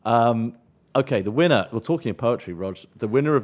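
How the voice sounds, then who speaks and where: A middle-aged man from South East London, with that area's English accent, co-hosting a podcast in a brisk, playful way and reading listings and plugs like an announcer. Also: mid-range voice, lively intonation. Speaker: podcast co-host. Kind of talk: casual chat and show segments.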